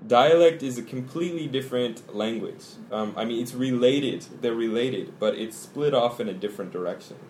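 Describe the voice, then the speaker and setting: A man hosting a casual podcast, explaining English expressions and switching into quick Korean. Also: mid-range voice, darkish tone, a little hiss or hum. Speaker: podcast host and English teacher. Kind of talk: casual bilingual language lesson.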